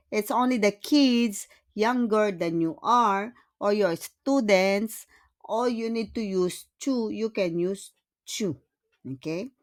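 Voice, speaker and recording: A woman leads a French grammar lesson at an unhurried pace. She says key words several times and keeps checking that her students follow, in a voice of middle pitch. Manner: patient, repeats words and checks with "okay?". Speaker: French teacher.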